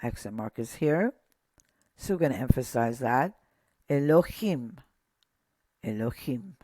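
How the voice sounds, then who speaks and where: A man teaching a pronunciation lesson, saying each word slowly and repeating it while pointing out accent marks. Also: medium pitch, lively intonation, a little mellow, no room sound. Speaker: Hebrew teacher.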